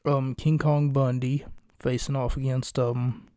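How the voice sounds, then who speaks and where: Guy doing a solo wrestling podcast at 2am, half whispering, flat mellow voice, dry close mic. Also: mid-range voice, a little slow, no echo. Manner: hushed, late-night, jokey and rambling. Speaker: podcast host. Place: home recording space at night.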